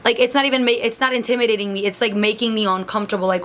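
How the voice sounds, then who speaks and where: A woman's voice: medium pitch, fairly even intonation, rapid-fire, a bit bright. A young woman vlogger telling a story in a chatty way, full of likes, acting out what others said. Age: young adult. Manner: chatty, many likes, acts out quotes. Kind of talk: storytime vlog.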